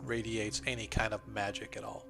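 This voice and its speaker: A man's voice: on the low side, little pitch movement, fairly quick, gravelly, bright, forceful tone, faint music behind. A man narrating a tabletop game as game master, loose and hesitant with many fillers.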